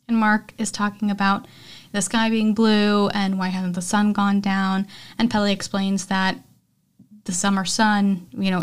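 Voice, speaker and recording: A woman hosting a podcast, casually retelling a film's plot in a chatty way with lots of fillers and quoted dialogue. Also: mid-range voice. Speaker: podcast host. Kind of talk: casual movie recap.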